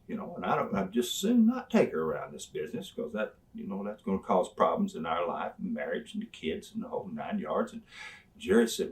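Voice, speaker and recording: An older man spins his stories in a lively, swinging voice that climbs and drops all the time. He talks in a colorful, folksy way, with plenty of swearing, and sits a little back from the mic. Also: sits low, fairly quick. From Tennessee, US. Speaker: interview guest, retired wrestler. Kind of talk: casual storytelling interview. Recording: voice a bit distant from the mic.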